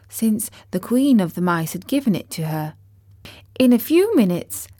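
A woman narrates a classic storybook, slow and measured, taking her time over each phrase. Her voice sits at an ordinary pitch, recorded close and dry. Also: a little mellow, no room sound. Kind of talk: storybook reading aloud.

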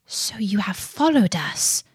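A woman's voice: mid-range voice, sing-song, slow, breathy edge, no room sound, studio quality, heavily acted. A woman voicing a proud young princess who asks commanding questions in a storybook reading. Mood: sharp. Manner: imperious, demanding questions.

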